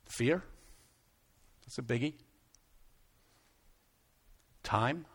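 A man preaching a sermon in an animated, conversational way, repeating words as he builds up and slipping into little acted asides. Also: medium pitch, slow pace, pauses often, slightly rough. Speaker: pastor.

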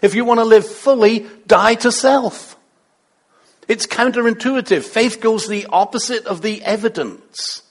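Male pastor, high voice, playful, conversational sermon with rhetorical questions. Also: unhurried.

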